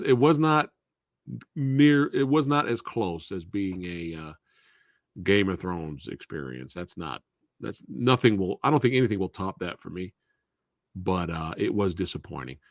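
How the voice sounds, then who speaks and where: A man's voice: deep voice, a little slow, pauses often, dry recording, clean studio sound. A man hosting a live Q&A stream, chatting casually and answering viewers by name.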